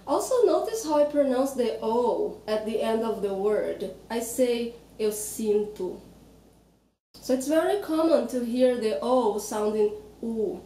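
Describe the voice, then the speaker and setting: A Portuguese teacher with a Brazilian accent patiently demonstrates pronunciation, slowly sounding out each word in an animated, slightly high, mellow voice. She's recorded from a distance, sitting back from the mic in an echoey room with a faint hiss behind her.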